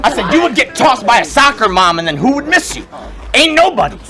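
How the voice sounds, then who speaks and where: A man's voice: extremely high pitch, very animated, fairly quick. A man battle rapping live, taunting his opponent and repeating lines for the crowd. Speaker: battle rapper. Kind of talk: live battle rap performance. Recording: live event with loud crowd.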